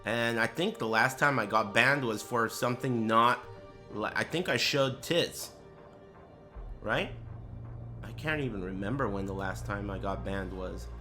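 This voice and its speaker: A man's voice: on the low side, fairly even intonation, unhurried, pushed and bright, faint music behind. A man streaming live, chatting casually with crude, joking, rambling banter. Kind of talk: casual livestream chat.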